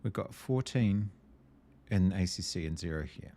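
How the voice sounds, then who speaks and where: A man with a low, deep voice plays a puzzle game and narrates his own reasoning. He mutters and doubts himself, then turns excitable when a step looks like it might work. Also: normal speed. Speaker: gameplay video host. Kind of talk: thinking aloud while playing a puzzle game.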